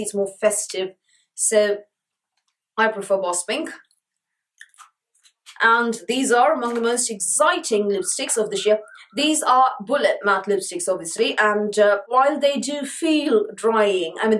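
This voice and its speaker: A woman's voice: medium pitch, a bit bright, low-quality recording. A woman beauty vlogger with a sore throat, talking around a lozenge in a chatty, enthusiastic product review. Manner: chatty, enthusiastic, repeats words for emphasis.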